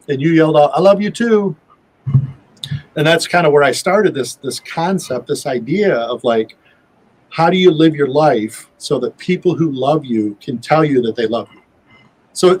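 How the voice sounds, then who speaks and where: A man's voice: mid-range voice, low-quality recording. A man talking as a guest on a show, in a folksy, rambling way with many fillers and restarts. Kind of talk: casual chat.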